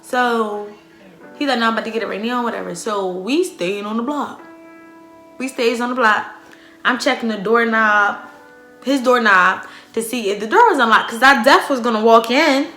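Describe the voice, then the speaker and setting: Young woman w doing a loud cussing storytime, bright voice, echoey room. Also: fairly high pitch, normal speed. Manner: animated, profane, loud outbursts and quoted dialogue. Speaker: vlogger. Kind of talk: storytime vlog. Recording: echoey room with faint music.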